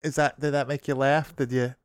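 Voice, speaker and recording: A man's voice: medium pitch, flat delivery, fairly quick, dry recording, studio quality. A young man casually recapping a horror movie, swearing, laughing often and rambling through fillers.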